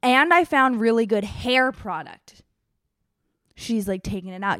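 An animated young woman with a higher voice tells a story in a breezy, exaggerated rush. The sound is close and dry, with no room around her. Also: unhurried, no echo. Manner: animated, breathless, exaggerated, swears casually. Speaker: vlogger telling a travel story. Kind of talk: casual storytelling.

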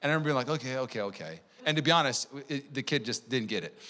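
A man preaching a sermon as pastor, conversational and energetic, telling stories to the congregation. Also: medium pitch, rapid-fire. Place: church sanctuary. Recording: long church hall reverb.

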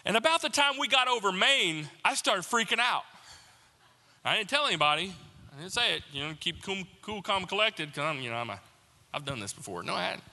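A man preaching a sermon, telling a personal story with animated mock panic before slowing into an earnest appeal. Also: sits high, long reverb tail. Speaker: pastor.

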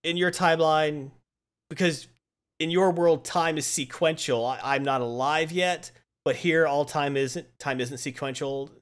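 A man's voice: fairly high pitch, measured pace, lightly acted. A man voicing a chatty young female dream spirit, rambling through an explanation. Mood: explaining.

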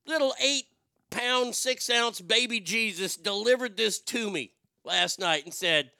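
A man's voice: high-pitched, measured pace, vocal fry, no echo, studio quality. A man hosting a radio show, telling a story and then going into a profane, building rant. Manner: profane, building to shouted outrage. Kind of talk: storytelling and ranting.

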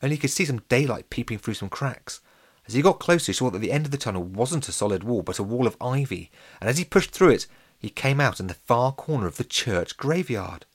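A man narrating a children's adventure story in a steady, gently expressive way. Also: mid-range voice, fairly quick, breathy edge.

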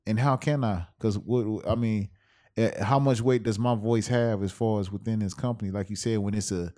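A man's voice: on the low side, steady tone, moderate pace, mellow. A man co-hosting a podcast, casual and easygoing, agreeing and joking with his friend. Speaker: podcast co-host. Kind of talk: casual chat.

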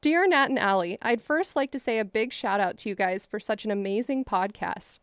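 A woman's voice: medium pitch, a little fast, smooth, no room sound, studio quality. A woman co-hosting a podcast, reading listener mail aloud with playful asides. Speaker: podcast co-host.

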